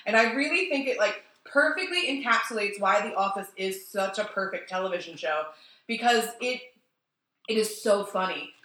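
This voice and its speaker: A woman's voice: mid-range voice, animated, normal speed, sharp tone, roomy sound, low-quality recording. A woman co-hosting a casual podcast chat, animatedly recapping a TV episode, laughing and swearing as she goes. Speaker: podcast co-host.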